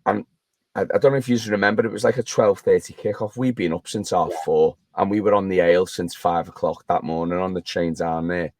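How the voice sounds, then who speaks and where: Man, lowish voice, dry sound; podcast co-host on a remote call, rambling storyteller who restarts his sentences. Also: fairly quick, dry recording. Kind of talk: casual chat.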